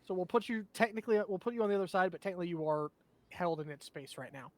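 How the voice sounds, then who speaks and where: A man with a notably high-pitched voice narrates a tabletop game as game master. He describes the scene vividly and pauses to explain rules and checks to his players, laughing along with them. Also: animated.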